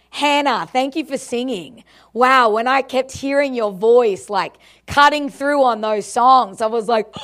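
A woman's voice: on the high side, a bit bright. Australian lady giving a church talk, chatty and upbeat, laughs a lot. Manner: bubbly, chatty, laughs often. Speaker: guest speaker.

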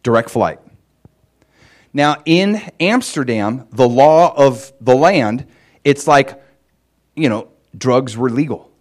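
A man preaching a sermon in a casual, animated storytelling way, with lots of fillers and sudden rises in pitch and volume for emphasis. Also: takes it slowly, pauses often. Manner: animated storytelling, chatty fillers, swings loud and high for emphasis.

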